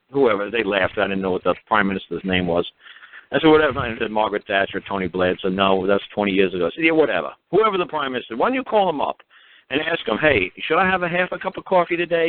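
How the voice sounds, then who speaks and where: A man in his fifties telling a rambling story on a talk show, acting out quoted dialogue as he goes. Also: medium pitch. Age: 50s. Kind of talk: casual storytelling monologue. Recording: tinny phone line with faint noise.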